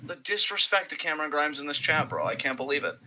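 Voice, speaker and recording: A man's voice: fairly high pitch, very animated, quick pace, pushed and bright, a little hiss or hum, rough recording. A man co-hosting a live wrestling reaction stream, doing sarcastic mock commentary and ironic hype. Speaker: co-host of a wrestling watch-along. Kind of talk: casual live reaction chat.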